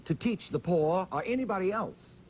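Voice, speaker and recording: A man, interviewed as a preacher, tells his story with a dramatic, drawn-out pulpit cadence. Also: high voice, expressive, a little mellow, slight background noise, poor audio.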